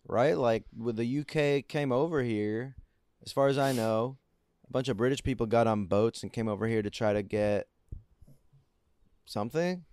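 Mock-grand joking podcast co-host. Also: male voice, medium pitch, darkish tone, clear, resonant tone, dry recording. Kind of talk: casual comedic chat. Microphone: video call.

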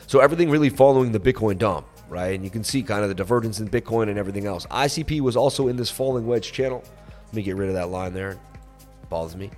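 A man hosting a crypto livestream, chatting casually and reading viewer messages in a relaxed, rambling way with lots of fillers. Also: lowish voice, fast talker, faint music behind. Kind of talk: casual livestream chat reading super chats. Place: on vacation in Florida.

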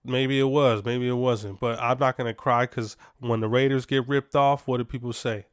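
A man's voice: medium pitch, fairly even intonation, normal speed, smooth, no room sound, clean studio sound. A man hosting a sports podcast, giving casual, opinionated takes with lots of fillers and restarts.

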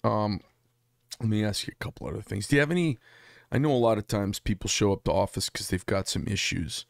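A man hosting a casual political chat, agreeable and quick to finish his guest's points. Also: lowish voice, creaky, no echo, clean studio sound. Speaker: podcast host.

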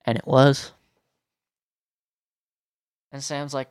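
A man's voice: mid-range voice, takes it slowly, long pauses, clear, resonant tone, dry recording, studio quality. Profane young man telling a story. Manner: profane, animated, many fillers. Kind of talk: casual storytelling rant.

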